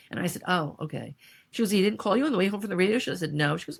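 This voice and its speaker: Animated woman telling a personal story. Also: on the low side, rapid-fire, vocal fry, husky. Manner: animated, acts out quoted voices. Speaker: podcast guest.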